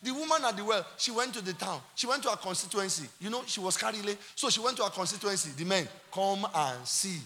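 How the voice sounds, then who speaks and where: A man with a Nigerian accent preaching a sermon as pastor, moving from quiet asides to shouted climaxes. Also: high-pitched, expressive, a little fast, few pauses, long reverb tail, a little hiss or hum. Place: church.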